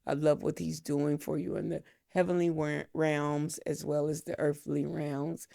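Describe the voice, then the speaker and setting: A middle-aged woman hosting a podcast, speaking slowly and tenderly in a heartfelt spiritual talk, close to the mic and near tears. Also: low voice, little pitch movement, creaky, warm tone, no room sound. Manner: slow, tender, emotional blessing. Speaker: podcast host, mentor.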